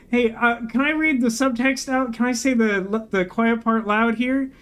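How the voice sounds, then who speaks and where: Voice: medium pitch, fairly even intonation, a little slow, hardly any pauses, clean tone. A game streamer reading a narrative game aloud and breaking off for wry, sarcastic asides.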